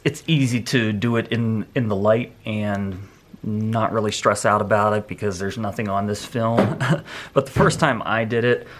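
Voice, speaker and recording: A man with a low voice talks through a hands-on tutorial while he works. His delivery is relaxed and rambling, with restarts as he thinks aloud. Faint background noise and small handling clicks sit under his voice. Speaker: photography instructor.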